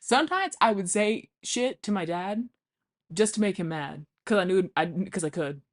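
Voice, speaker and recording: A woman's voice: mid-range voice, expressive, moderate pace. A young woman telling funny childhood stories in a chatty, casual way, swearing freely and acting out what people said. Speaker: vlogger. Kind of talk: casual storytelling.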